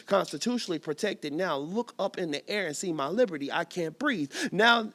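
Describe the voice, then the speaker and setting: A man with a high-pitched voice performs spoken-word poetry at a live event. His delivery is rhythmic, dropping to whispers and rising to loud emphasis. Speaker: poet reading at a live event. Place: performance venue.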